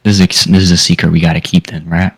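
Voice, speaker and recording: A man's voice: deep voice, little pitch movement, very fast, slightly rough. A man voicing a curious young male adventurer in a tabletop role-play, asking his friend casual, direct questions.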